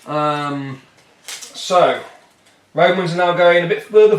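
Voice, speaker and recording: A man casually talking through a solo tabletop wargame, rambling and joking, with a fairly high voice. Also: slow pace. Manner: rambling and jokey, puts on silly voices for the miniatures. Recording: echoey room.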